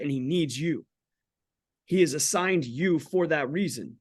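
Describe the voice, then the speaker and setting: A man's voice: on the high side, unhurried. A man in his forties, a podcast guest, talking candidly about faith in an earnest, blunt way with casual swearing. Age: 40s.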